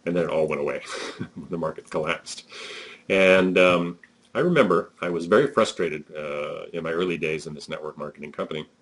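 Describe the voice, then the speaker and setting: A man's voice: a bass voice, fairly quick, fairly bright tone, breathy edge. A man giving a conversational, emphatic motivational talk as a network marketing trainer, with frequent fillers.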